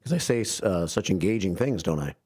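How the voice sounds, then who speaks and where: A man's voice: sits low, expressive, fairly quick, a little mellow. A man hosting a morning radio show from a studio, chatting casually with dry, self-mocking banter. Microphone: studio microphone.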